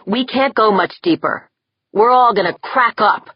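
A man's voice: high voice, measured pace, slightly rough, no echo, lo-fi sound, voice pushed up. A woman reading the part of a scared, blustering male captain who snaps and growls. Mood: anxious, gruff. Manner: snapping, growling.

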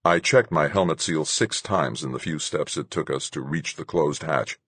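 A man with a husky voice giving a measured first-person audiobook narration. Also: a bass voice, a bit bright, no echo.

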